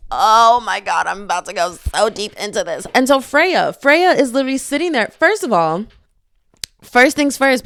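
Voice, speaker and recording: A young woman chatting casually about a book she is reading, excitable and quick to act out the characters' lines. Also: mid-range voice, clear, resonant tone, no room sound, clean studio sound. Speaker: book vlogger.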